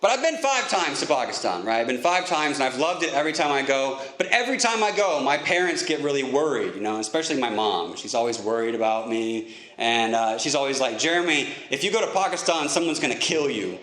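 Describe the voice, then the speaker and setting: A man telling self-mocking stories in a stand-up comedy set, chatty with quick asides. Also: medium pitch, expressive, a bit bright, roomy sound. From United States.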